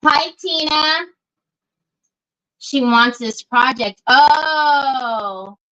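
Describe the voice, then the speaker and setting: A middle-aged woman chats casually during a crafting livestream, greeting viewers by name. Her medium-pitched voice is slow, bright, and forceful. The stream audio is dull and lo-fi.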